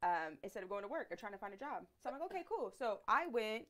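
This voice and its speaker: Fast-talking, blunt woman guest. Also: medium pitch, lively intonation. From Southern California. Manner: quiet-spoken, blunt and slangy. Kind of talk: casual live-stream chat.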